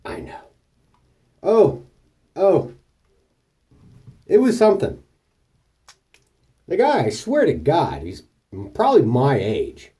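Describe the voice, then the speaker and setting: A man tells rambling, profane stories straight to the camera, his pitch jumping around as he acts out the people in them. His voice is mellow and relaxed, and he sits a little back from the mic. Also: slow pace, pauses often, distant mic. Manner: profane, rambling anecdotes with animated quoted voices. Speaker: vlogger. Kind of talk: casual storytelling monologue.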